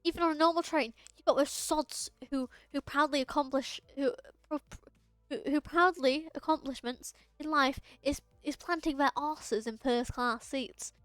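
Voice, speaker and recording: A woman's voice: high-pitched, steady tone, unhurried, a bit bright, no echo, faint music behind. A woman doing a sneering, brash young man.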